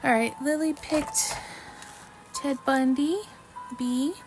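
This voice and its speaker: A woman's voice: high voice, slow pace, music in the background, poor audio. A woman hosting a casual livestream while crafting, chatting with viewers, reading trivia questions and often apologizing. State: mouth full of chocolate at times. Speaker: livestream host.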